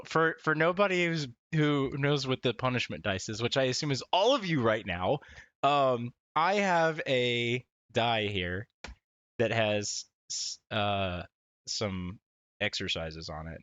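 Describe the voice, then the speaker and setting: A man livestreaming casually from his desk at home, laughing often, swearing and talking excitably to his chat. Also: mid-range voice, dry recording, dull audio. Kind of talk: casual live-stream chat. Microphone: desk mic, wearing wired headphones.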